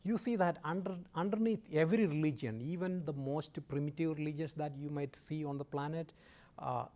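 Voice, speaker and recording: A man with a fairly high voice gives a relaxed classroom lecture. He keeps stopping to check in with his listeners, tossing out "okay?" and the odd light joke. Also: brisk. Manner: jokes lightly with audience. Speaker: guest lecturer.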